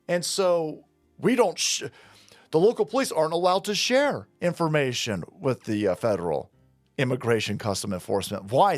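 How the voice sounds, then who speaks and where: A man's voice: sits high, no echo. Indignant ranting male commentator. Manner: sarcastic, indignant, swearing. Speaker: political commentator.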